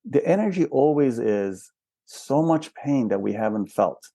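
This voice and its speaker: A man's voice: medium pitch, animated, a little slow, gravelly, dark tone, no echo. An older man, a spiritual counselor and guest, explaining patiently and asking rhetorical questions in a reflective interview.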